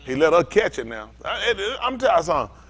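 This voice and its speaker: A man's voice: high voice, sing-song, fast, fairly bright tone, slightly rough. A man preaching an informal sermon, telling a story and acting out both sides of it with lots of laughter. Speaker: pastor.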